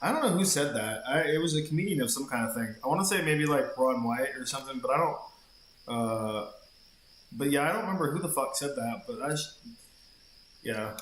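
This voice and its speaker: A man's voice: medium pitch, expressive, fairly quick, fairly bright tone, echoey room, slight background noise. A man streaming a game, telling a long rambling story in casual chat and swearing freely. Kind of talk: casual chat while gaming.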